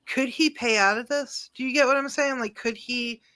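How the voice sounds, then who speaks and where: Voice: medium pitch, steady tone, moderate pace, bright, forceful tone. A podcast co-host chatting casually and bluntly. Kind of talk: casual chat.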